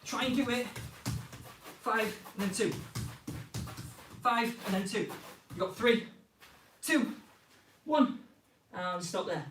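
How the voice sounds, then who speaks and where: Breathless, high-voiced football coach counting reps. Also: male voice, measured pace, long pauses, roomy sound, recorded from a distance, over music, poor audio. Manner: energetic, counts reps aloud and cheers students on. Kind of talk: live online skills class.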